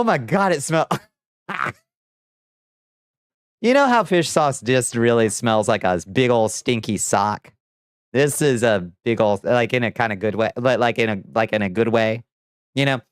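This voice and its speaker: A man's voice: medium pitch, smooth, dry recording, clean studio sound. A man streaming casually, playful and theatrical as he chats with viewers while mixing ingredients. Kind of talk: casual livestream chat.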